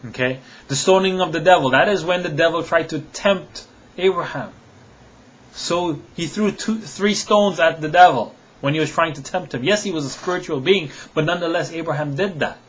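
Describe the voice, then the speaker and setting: On a muffled recording, a man with a slightly high voice speaks at a moderate pace, rebutting a critic directly to camera as a religious apologist. He grows heated, peppering his speech with rhetorical questions and scoffing chuckles, and repeats himself when worked up.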